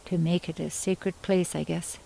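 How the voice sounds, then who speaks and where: Lowish-voiced woman telling a traditional story. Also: level tone, vocal fry, warm tone, poor audio. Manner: unhurried, conversational telling with pauses and asides. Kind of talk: oral storytelling.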